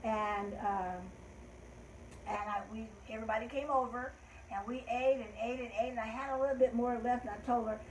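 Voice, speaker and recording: Older woman host, gentle and heartfelt, fairly high voice, roomy echo. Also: fairly even intonation, normal speed, slight background noise. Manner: gentle, heartfelt, trailing off softly. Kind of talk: storytelling and rhymes for children.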